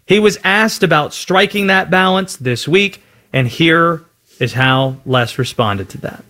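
Lively male sports show host. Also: fairly high pitch, a little slow. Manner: conversational, tosses segments to the co-host. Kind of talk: sports talk, segment hosting.

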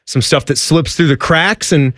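A man's voice: fairly high pitch, moderate pace, fairly bright tone, no room sound, clean studio sound. Chatty rambling male co-host. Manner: rambling, chatty, trails off and restarts. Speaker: podcast co-host. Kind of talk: casual banter.

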